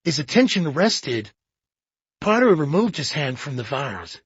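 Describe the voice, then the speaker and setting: An audiobook narrator giving a measured, expressive reading of a detective play. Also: medium pitch, slightly rough, no echo. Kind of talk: scripted narration. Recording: dull lo-fi audiobook.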